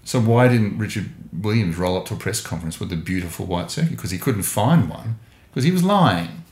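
A man's voice: on the low side, lively intonation, fairly quick, darkish tone. A man co-hosting a podcast, chatting casually about sport with joking, sarcastic asides. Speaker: podcast co-host. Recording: echoey room.

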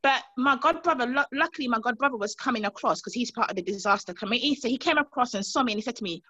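A woman's voice: a little high, fast, few pauses, dry recording, muffled recording. A woman from Montserrat telling an interviewer about a frightening day, acting out the voices of the people in her story. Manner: animated storyteller, acts out quoted voices. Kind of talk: emotional personal recollection.

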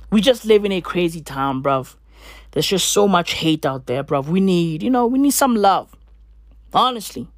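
A woman with a low voice, recorded cleanly in a studio with no echo, delivers a comedic news rant. Her delivery is profane, slangy and rambling, and she keeps coming back to the same filler tags.

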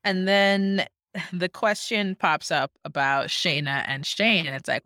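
A woman's voice: lowish voice, fairly even intonation, unhurried, sharp tone, no room sound, clean studio sound. Chatty woman recapping a show. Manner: chatty storytelling, acting out quotes. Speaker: podcast co-host. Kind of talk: casual chat recapping a show.

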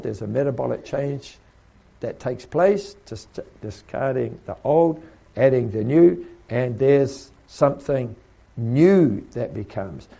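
Gravelly, husky preacher man. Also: medium pitch, dark tone. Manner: rhetorical questions, mimics other people's voices. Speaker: preacher training others. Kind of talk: sermon.

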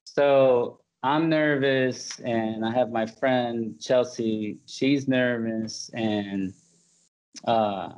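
A man's voice: medium pitch, fairly even intonation, drawn-out words, a little mellow, low-quality recording. A man hosting a podcast in casual chat, rambling, laughing often and full of fillers and restarts. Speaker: podcast host.

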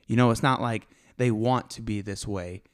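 A young man hosting his own podcast, talking fast and excitedly in a casual, animated way. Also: fairly low pitch, smooth. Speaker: podcast host. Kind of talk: casual solo podcast talk.

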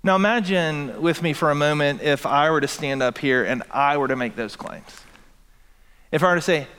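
A male pastor delivers an emphatic sermon, stacking phrase on phrase as he builds. His voice sits a little high for a man. Long reverb from the church hall trails behind every line. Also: brisk, a bit bright, clean tone. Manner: emphatic preaching with building repetition. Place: church sanctuary.

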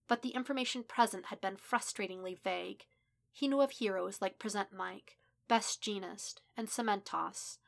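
A woman reading a fan fiction story aloud in a soft, steady, subdued way. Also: medium pitch, gravelly. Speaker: podfic reader. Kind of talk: audiobook fan fiction narration.

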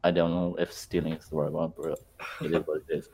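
A man's voice: rumbling low, level tone, fast, gravelly, a little mellow. A young man in his twenties, a former university student, rambling through a casual story with fillers and some swearing. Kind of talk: casual chat.

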